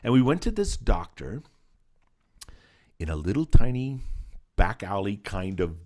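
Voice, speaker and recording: A man's voice: lowish voice, a little slow. A middle-aged man from Southern California, a special effects artist, telling stories as an interview guest and acting out the people in them. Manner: animated storyteller, acts out voices, laughs often. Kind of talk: casual storytelling interview.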